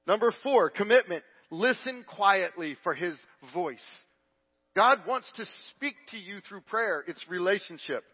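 A male pastor preaching a sermon, telling a story and moving from loud, lively passages to hushed, quiet ones. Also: high voice, unhurried, husky, dull audio.

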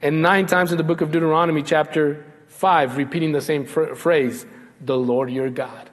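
A man preaching a sermon as pastor, slowing down and dropping his voice low when he quotes God. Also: fairly even intonation, long reverb tail. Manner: slows down and drops low when quoting God.

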